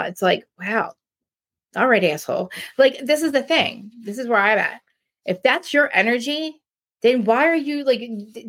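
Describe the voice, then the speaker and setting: A woman's voice: medium pitch, a bit bright. A woman in her forties hosting a podcast, recapping a reality show in an exasperated, ranting way with lots of filler words. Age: 40s. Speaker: podcast host. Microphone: podcast mic, live streamed.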